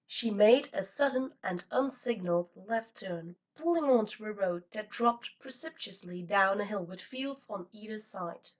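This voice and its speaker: A woman reading a novel aloud as an audiobook narrator, in an expressive, steady style. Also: mid-range voice, measured pace, recorded from a distance, poor audio. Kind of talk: scripted narration.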